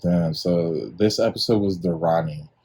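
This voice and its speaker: A man's voice: low-pitched, a little slow, gravelly, a little mellow, breathy edge. A young man hosting his own podcast, talking casually and rambling with lots of fillers. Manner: laid-back, rambling with many fillers. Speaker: podcast host. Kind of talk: casual solo commentary.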